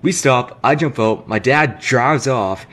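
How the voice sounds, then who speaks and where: A young man, telling a story in casual gaming commentary, animated and swearing freely. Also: medium pitch, takes it slowly. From Canada.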